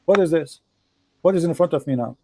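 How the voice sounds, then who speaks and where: Insistent man with broken English, mellow voice. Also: on the high side, a little fast, a little hiss or hum. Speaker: debate host. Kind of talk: live online debate.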